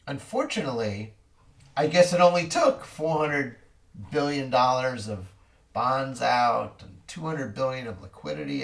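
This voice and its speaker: A man's voice: medium pitch, gravelly. A man giving casual market commentary in a rambling, wry way with corny jokes, a little distant from the mic.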